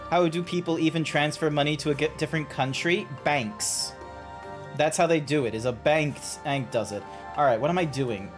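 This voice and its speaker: A man's voice: a little high, brisk, soft background music. A young Australian man chatting casually while streaming a game, rambling with restarts and frequent swearing.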